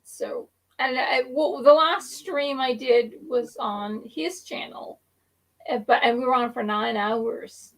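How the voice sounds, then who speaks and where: Husky, gravelly woman chatting on a stream. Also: a little high, steady tone, takes it slowly, a bit bright, poor audio. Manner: laughs while talking, loose trailing sentences. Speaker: stream host. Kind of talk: casual chat. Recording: speaking over a phone with delay.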